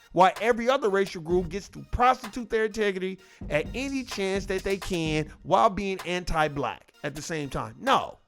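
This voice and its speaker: A man giving casual opinion commentary, emphatic, profane and repetitive. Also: high voice. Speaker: online commentator.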